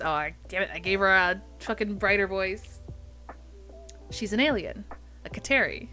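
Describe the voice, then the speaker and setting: Animated woman reading a game aloud. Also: medium pitch. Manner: animated, swears casually, stumbles over names. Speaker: streamer. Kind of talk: reading a visual novel aloud with commentary.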